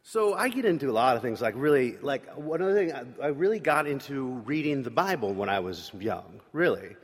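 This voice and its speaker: A man's voice: mid-range voice, sing-song, a little fast, breathy edge. A man telling a candid personal story during an evening service, confessional and plain-spoken with casual fillers. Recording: long hall reverb.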